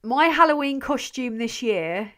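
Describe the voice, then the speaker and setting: A woman's voice: high voice, animated, unhurried, fairly bright tone. A woman hosting a casual live stream, reading out viewer comments in a rambling, self-mocking way, swearing freely and trailing off mid-sentence. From England. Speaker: channel host.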